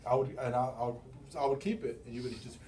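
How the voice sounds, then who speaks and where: Man, middle-aged, sales manager, lively storytelling, laughing, roomy sound. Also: mid-range voice, fast talker, a crowd in the background. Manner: animated storytelling, acting out quotes; loose, profane, laughing often. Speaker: sales manager and business owner. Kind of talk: motivational team meeting talk. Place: meeting room. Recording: roomy, from far off the mic.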